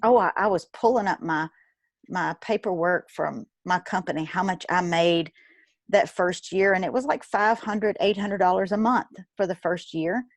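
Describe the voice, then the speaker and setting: Woman, 50s, interview guest, animated storytelling, dry close sound. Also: on the low side, normal speed, dry recording. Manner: animated, acts out quoted dialogue, laughs often. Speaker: guest, retired nurse turned business owner.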